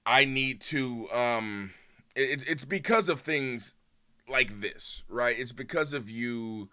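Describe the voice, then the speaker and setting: Heated, bright-voiced streamer ranting. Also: male voice, medium pitch, lively intonation, slow pace. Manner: heated, swears a lot, swings between loud outbursts and muttering. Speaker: streamer reacting to a video. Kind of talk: casual ranting commentary.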